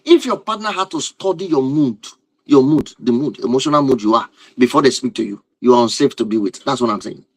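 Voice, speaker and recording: A man's voice: medium pitch, animated, fairly quick, no room sound, poor audio. A man speaking as a relationship teacher who addresses his viewers in an emphatic, repetitive lecture and often asks rhetorical questions. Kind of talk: lecture-style talk to viewers.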